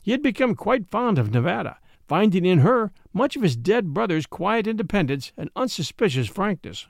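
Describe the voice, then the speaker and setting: Brief: male storyteller, expressive and wry, fairly high and animated. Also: normal speed, creaky, no echo, studio quality. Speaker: narrator. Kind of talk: dramatic story reading.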